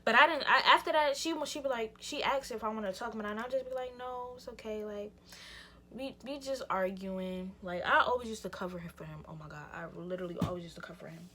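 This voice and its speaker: Young female vlogger, casual storyteller with a bright, slangy, rambling delivery. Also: mid-range voice, fast talker, a little hiss or hum. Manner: rambling, slangy, lots of "like" and restarts. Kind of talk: casual storytime while getting ready.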